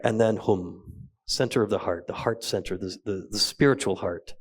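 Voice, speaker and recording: A man with a fairly low voice leads a meditation practice at a retreat. He talks slowly and gently, leaving soft pauses between phrases. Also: slightly rough. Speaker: meditation teacher. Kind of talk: guided meditation talk. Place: retreat hall.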